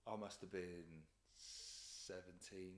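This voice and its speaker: A man's voice: low voice, flat delivery, slow pace. A young man from England, telling work stories as a podcast guest in slangy, sweary casual chat. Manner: storytelling with quoted voices, slangy and sweary.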